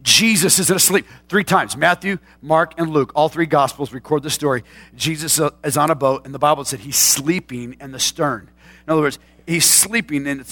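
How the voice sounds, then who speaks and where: A man preaching as a pastor, dramatic and swinging from loud declarations to hushed asides, with direct questions to his listeners. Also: fairly high pitch. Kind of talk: sermon.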